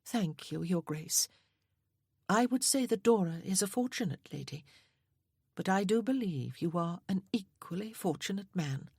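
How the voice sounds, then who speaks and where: A woman reading as a gentle, remorseful older mother who speaks softly, slightly husky. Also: medium pitch, animated, measured pace, no echo, clean studio sound, voice pushed up. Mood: regretful. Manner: soft-spoken, regretful.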